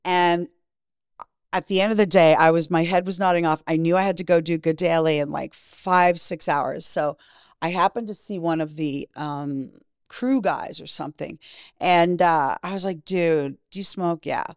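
Frank, lowish-voiced middle-aged woman. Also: fairly even intonation, moderate pace, clean tone, no echo, clean studio sound. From Canada. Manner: frank, profane, acts out quoted voices. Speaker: interview guest. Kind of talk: candid storytelling.

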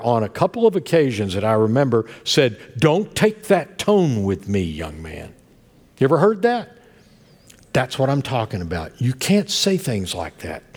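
A man preaching a sermon as pastor, telling stories with self-deprecating humor and a husky voice. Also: medium pitch, a little mellow. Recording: long hall reverb.

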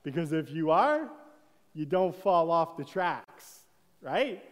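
High-voiced man preaching in a reverberant hall. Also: sing-song, slow. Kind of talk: sermon.

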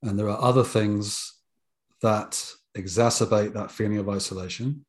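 A man with a British accent and a fairly low voice speaks about his therapy clients. He talks in a measured, thoughtful way. The setting is relaxed conversation. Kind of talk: casual conversation.

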